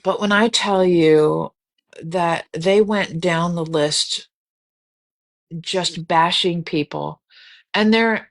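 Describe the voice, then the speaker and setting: A sleepy woman with a lowish, vocal-fry voice hosts a live stream, yawning and rambling through casual chat. She's candid and swears freely.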